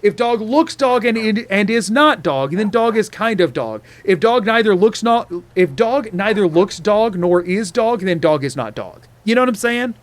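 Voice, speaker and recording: Expressive and high-pitched, he chats with few pauses at a moderate pace while streaming a game, keeping the live talk casual, playful, rambling, and stuffed with repetitive wordplay.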